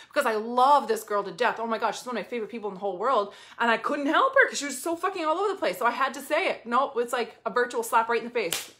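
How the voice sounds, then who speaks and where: Potty-mouthed lady coach ranting to her followers, blunt and lively. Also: fairly high pitch, quick pace, few pauses. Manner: blunt, heavy swearing, animated. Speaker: business coach. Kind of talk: casual motivational talk to viewers.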